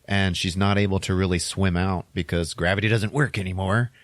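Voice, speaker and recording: Low-voiced man rambling through a story. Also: brisk, no room sound. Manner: rambling, animated storytelling with sound effects. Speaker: podcast host. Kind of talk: casual movie plot recap.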